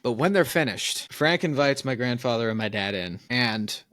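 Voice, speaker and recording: A man's voice: medium pitch, animated, normal speed, fairly bright tone, no echo, studio quality. A man co-hosting a podcast in casual chat, an opinionated storyteller who laughs at his own tales. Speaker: podcast co-host.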